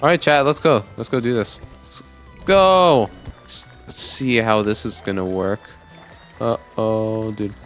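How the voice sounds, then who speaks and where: A young man narrating his game playthrough who talks to his chat, jokes about himself and gets loud and pleading in boss fights. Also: on the low side, a little slow, soft background music. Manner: excitable, shouts and pleads during fights; talks to chat, self-deprecating. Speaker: gaming YouTuber. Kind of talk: let's play with voice-over narration.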